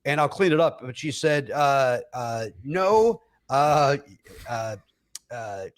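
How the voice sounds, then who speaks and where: A middle-aged man, a comedian guest, telling stories in an animated way and acting out other people's voices. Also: medium pitch, takes it slowly. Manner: acts out other people's voices, with many fillers and laughs. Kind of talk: animated comic storytelling.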